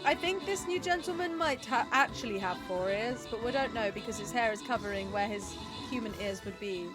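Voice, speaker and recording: A woman's voice: on the high side, a little fast, music in the background. A young British woman chatting playfully through a game livestream, often giggling. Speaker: streamer. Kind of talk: casual game livestream chat.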